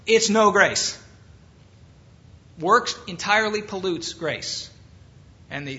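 A man preaching a Bible-teaching sermon, who climbs to emphatic high peaks on key points, then drops low and quiet, slowing to stress words. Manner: slows down to stress words, speeds through asides. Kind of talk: expository sermon. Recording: dull lo-fi sound.

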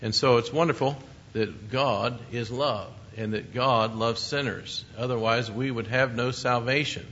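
Warm-toned preacher man, lo-fi. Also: medium pitch, steady tone, a little slow. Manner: conversational preaching with asides and chuckles. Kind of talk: sermon. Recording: muffled lo-fi recording.

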